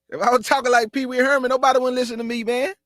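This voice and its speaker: High-pitched passionate Texas man preaching. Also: no room sound, clean studio sound. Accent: Houston, Texas. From Houston, Texas. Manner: forceful, passionate, aggressive delivery. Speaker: show host. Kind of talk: passionate religious talk show.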